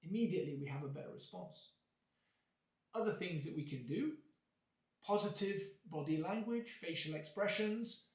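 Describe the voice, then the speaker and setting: A man teaching an English lesson, explaining clearly and acting out examples with exaggerated intonation. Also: on the high side, expressive, normal speed. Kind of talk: video lesson. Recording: echoey room.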